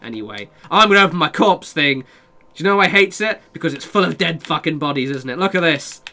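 Bright-voiced streamer, sweary. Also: male voice, fairly high pitch, lively intonation, fairly quick. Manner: chatty, sweary, reads and answers chat. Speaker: game streamer. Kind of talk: casual live-stream chat with viewers.

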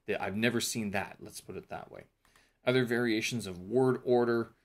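A man's voice: fairly low pitch, normal speed. A man casually talking through his course notes in a vlog, thinking aloud with fillers and self-corrections. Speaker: vlogger reviewing a teacher training course.

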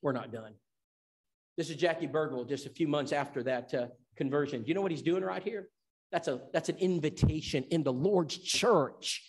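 A man's voice: a little high, normal speed, slightly rough. A man from Tennessee who teaches an evangelism seminar. He preaches in an emphatic storytelling style and acts out the dialogue. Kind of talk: sermon.

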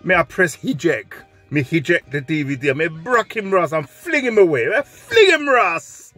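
A man's voice: fairly high pitch, unhurried, soft background music, voice pushed up. A man voicing an angry Jamaican man who loves cowboy films, speaking in heavy patois. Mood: indignant. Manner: heavy patois, indignant and loud.

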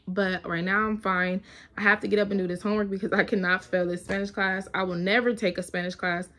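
A woman's voice: lowish voice, creaky, fairly bright tone. A young woman, chatting casually in a home video diary and talking to her toddler now and then. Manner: chatty, talks to her toddler between updates. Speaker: family vlogger.

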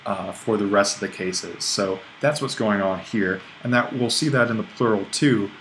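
A man's voice: lowish voice, moderate pace, fairly bright tone, slight background noise, poor audio. A man teaching a recorded online language lesson, explaining at an easy pace with restarts and small self-corrections. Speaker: Greek language instructor.

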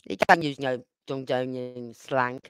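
An outspoken older woman with a Brummie accent rambles through a casual livestream chat. Her voice comes through smooth and clear, with a dry, close sound and no room around it. She speaks her mind plainly and wanders from point to point. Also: extremely low pitch, fairly even intonation, a little slow, a bit bright, dry recording. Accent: Birmingham (Brummie). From Birmingham, England. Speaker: livestream host.

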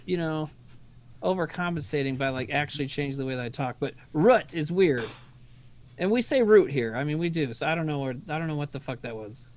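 Man, Midwestern accent, high voice, stream host, rambling, profane, casual chat. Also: brisk, darkish tone. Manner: rambling, profane, self-deprecating.

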